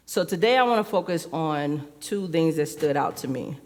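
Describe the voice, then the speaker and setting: Woman elder, relaxed chatty sermon delivery, laughs easily; long church-hall reverb. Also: low-pitched, normal speed, few pauses. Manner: chatty, fills speech with "like", laughs often. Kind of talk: conversational sermon. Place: church sanctuary.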